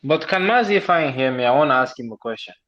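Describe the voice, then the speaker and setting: A man's voice: mid-range voice, lively intonation, quick pace, a bit bright, lo-fi sound. A man hosting an online call, asking speakers questions and stressing words as he reads quotes aloud. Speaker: host.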